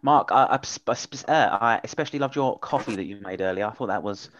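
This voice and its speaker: A man's voice: on the low side, fast talker, a bit bright, muffled recording, slight background noise. A man with an Essex accent chatting on a podcast over a video call, teasing the others. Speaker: podcast co-host. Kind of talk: casual podcast chat.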